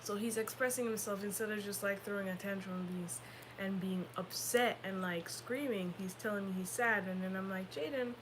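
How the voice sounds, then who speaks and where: A woman co-hosting a casual talk show, telling animated stories about her children and acting out their voices. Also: mid-range voice, a little fast, noisy background. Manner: animated storytelling, acts out her kids' voices. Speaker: podcast co-host. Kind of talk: casual chat.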